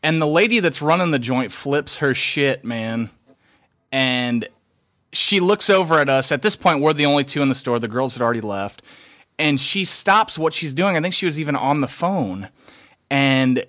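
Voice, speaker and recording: A young man casually telling a story on a podcast, animated, swearing and acting out what people said. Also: mid-range voice, moderate pace, no echo, clean studio sound. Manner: animated, swears, acts out quotes.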